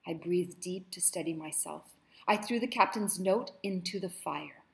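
A woman teacher reading a novel aloud with commentary, measured and expressive. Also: lowish voice, vocal fry.

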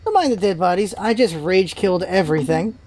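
A man's voice: high-pitched, expressive, fairly quick, a little mellow, a little hiss or hum. Ranting, frustrated gamer man. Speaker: let's play host. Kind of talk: casual game commentary.

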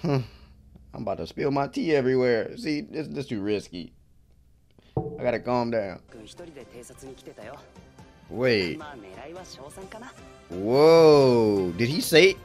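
A man's voice: mid-range voice, expressive, moderate pace, gravelly, long pauses. A man giving casual reaction commentary on an anime episode, talking back to the screen with frequent exclamations and laughs. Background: faint episode soundtrack music.

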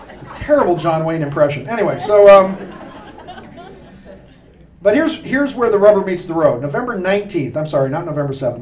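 Animated man lecturing in an echoey room. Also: sits high, distant mic. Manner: animated, jokey, preacher-like. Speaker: speaker giving a lecture. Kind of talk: live talk to an audience. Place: room with an audience. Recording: echoey room, voice picked up from afar.

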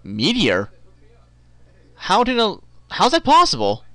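Lively, sarcastic male game commentator. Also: high-pitched, slow pace. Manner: joking, sarcastic, talks back to the game. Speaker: let's play host. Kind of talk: gameplay commentary.

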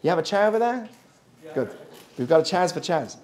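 A man's voice: high-pitched, very animated, fairly quick. A man teaching a Torah class to students, telling stories and asking the class questions as he goes. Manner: storytelling, asks the class questions, drops to a soft voice for drama.

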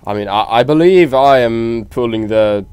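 A man's voice: mid-range voice, moderate pace, darkish tone, clean tone, no echo. A man with a Norwegian accent, giving casual gameplay commentary and joking at the game characters, swearing now and then. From Norway. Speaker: let's play commentator.

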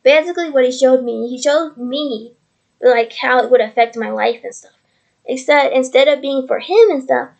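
Her voice is a little high and creaky with a darkish tone, and the audio from her computer mic sounds dull. At home, she vlogs a casual faith testimony, talking earnestly, rambling, and going back over the same points.

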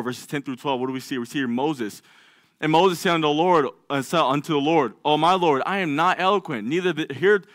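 A man's voice: a little high, fairly bright tone, no room sound, clean studio sound. Fervent male lay preacher in a church. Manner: acts out biblical figures' doubts in a raised voice; reads scripture aloud, with some stumbles. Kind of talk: sermon.

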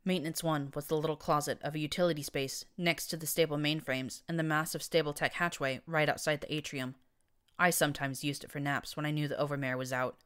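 Low-voiced woman reading a story. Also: fairly even intonation, a little fast, fairly bright tone, clean tone. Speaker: audiobook narrator. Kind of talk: first-person fiction reading.

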